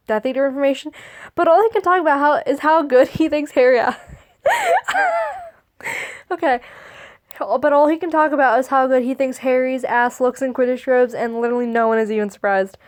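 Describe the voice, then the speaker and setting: A woman reads fan fiction aloud in a high voice. She often stumbles over words and backs up to try the line again. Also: fairly quick. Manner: stumbling over words, restarting and laughing at the text.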